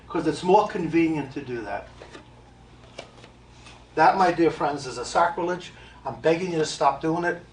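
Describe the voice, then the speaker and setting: Blunt high-voiced man in echoey hall. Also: slight background noise. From United States. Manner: blunt, emphatic, repeats phrases, joking asides. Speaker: medium. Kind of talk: live stage talk to an audience. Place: live event hall. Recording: echoey room, mic from a distance.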